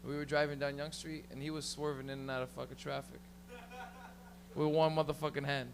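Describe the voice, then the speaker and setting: A man's voice: on the high side, level tone, brisk, gravelly, a little hiss or hum. A man hosting a live comedy open mic, hyping the crowd and cracking up as he tells a story. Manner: hypes the crowd, cracks up laughing.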